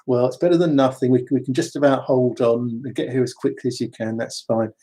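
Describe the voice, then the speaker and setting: A man voicing a busy Japanese midwife, speaking in a put-on Japanese accent with quick, clipped replies. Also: medium pitch, steady tone, dark tone, close to an everyday voice. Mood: brisk.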